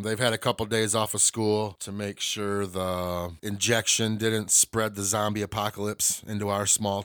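A man's voice: fairly low pitch, fairly bright tone, smooth, dry recording, clean studio sound. Blunt, swearing man ranting. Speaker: podcast host. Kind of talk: casual ranting monologue. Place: small home studio.

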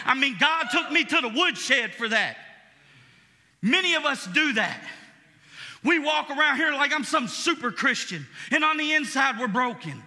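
A male pastor preaching a sermon, swinging from quiet, intimate passages to shouted praise. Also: very high-pitched, big pitch swings, unhurried, long reverb tail.

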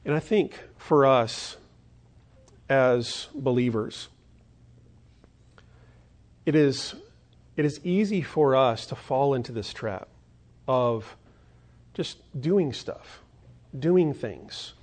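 A man's voice: medium pitch, expressive, slow, long pauses, darkish tone. A man preaching a sermon as pastor, earnest and emphatic, repeating his key points for weight.

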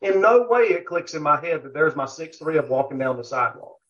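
A man with a somewhat high voice tells a long anecdote in a relaxed interview, looping back with fillers and asides as he goes. The audio is dull and lo-fi, with the top end muffled. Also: fairly quick. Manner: rambling anecdotal telling, many fillers. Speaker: competition barbecue cook, podcast guest. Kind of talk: casual storytelling interview.

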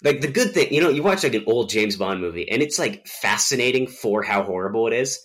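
A man co-hosting a podcast, telling stories in a rambling, animated way with lots of fillers. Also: mid-range voice, fairly quick. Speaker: podcast co-host. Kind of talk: casual chat.

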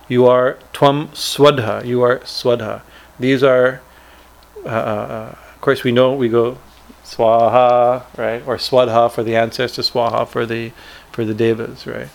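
Halting man teaching Sanskrit verses. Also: mid-range voice, creaky. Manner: halting, repeats words, many fillers; chants verses slowly. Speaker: teacher explaining scripture.

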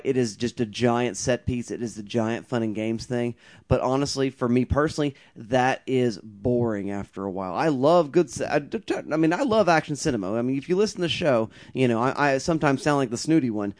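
A man's voice: medium pitch, a little mellow. A man co-hosting a movie podcast, giving a hedging, thoughtful opinion in casual chat. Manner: thoughtful, hedging, self-aware. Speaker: podcast co-host.

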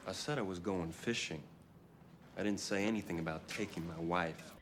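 An actor playing a brooding, secretive police officer in a TV drama, speaking tersely. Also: male voice, moderate pace, noisy background, close to an everyday voice. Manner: terse, low-key. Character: brooding middle-aged cop, secretive. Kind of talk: TV drama acting.

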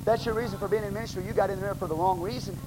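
A man with a Texan accent, preaching a sermon as pastor in a blunt, plain-spoken way, bursting into shouts. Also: high-pitched, steady tone, rapid-fire. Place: church sanctuary. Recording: noisy live church recording.

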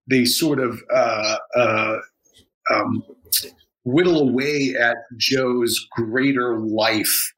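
A man chatting casually on a podcast, his voice bright and forceful. He rambles, circling his points with plenty of fillers and restarts. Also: medium pitch, poor audio. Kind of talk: casual chat.

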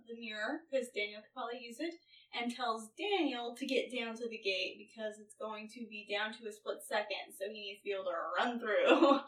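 Brief: chatty woman co-host with a higher voice, recorded in a roomy space at a distance. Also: fairly bright tone. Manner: chatty recap with hesitant fillers. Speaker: podcast co-host. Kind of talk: casual chat recapping an episode.

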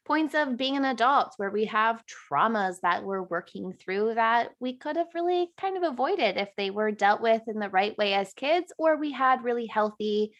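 A woman's voice: on the high side, expressive, normal speed, few pauses, a bit bright, lo-fi sound. A woman hosting a podcast, chatting in an easygoing way and laughing often. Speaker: podcast host. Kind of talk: casual chat.

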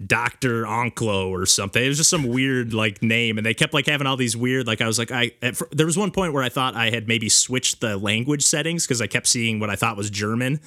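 A man's voice: mid-range voice, fairly quick, hardly any pauses, bright, forceful tone, dry recording. A man hosting a casual podcast chat, telling stories animatedly with lots of filler words. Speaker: podcast host and streamer.

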